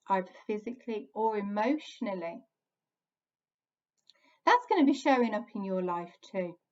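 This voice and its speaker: A woman giving a gentle, earnest self-help talk as an inner child healing coach, speaking in short, repeated phrases. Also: on the high side. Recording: dull lo-fi sound.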